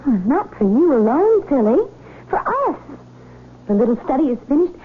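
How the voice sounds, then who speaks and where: A spirited young fiancée, high-voiced. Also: female voice, big pitch swings, moderate pace. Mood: bubbly. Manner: chatty and bright, turning hurt and sharp. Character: young woman engaged to the doctor, spirited. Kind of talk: 1970s radio drama acting. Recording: tinny narrow broadcast with faint hiss.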